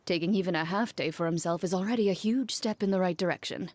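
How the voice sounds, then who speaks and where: A woman voicing a calm, reserved woman in a game who speaks in a level, matter-of-fact way. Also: on the low side, fast talker, a little hiss or hum, close to an everyday voice. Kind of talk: game voice acting.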